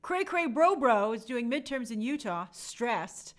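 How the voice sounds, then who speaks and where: A woman's voice: on the high side, animated, a little slow. Chatty woman hosting a live stream. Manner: chatty, friendly, reads names aloud. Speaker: live stream host reading viewer comments. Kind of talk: casual live chat.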